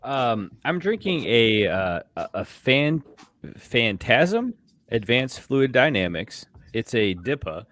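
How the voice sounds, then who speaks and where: A man's voice: medium pitch, sing-song, slow, a bit bright, no echo. A young man co-hosting a casual beer podcast, rambling through crude jokes and stories. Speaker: podcast co-host.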